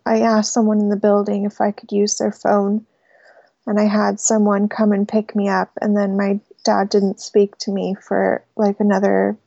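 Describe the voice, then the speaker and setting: A young woman from the United States calling in to a show and telling a personal story in a halting, hesitant way, with many restarts, over dull lo-fi call-in audio. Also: medium pitch, creaky, dark tone, no room sound. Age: young adult. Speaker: caller.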